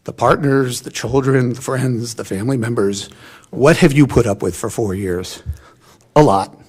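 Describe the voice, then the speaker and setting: A man's voice: medium pitch, moderate pace, darkish tone, husky. A man giving an emotional, folksy and encouraging commencement speech in a large hall. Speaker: commencement speaker.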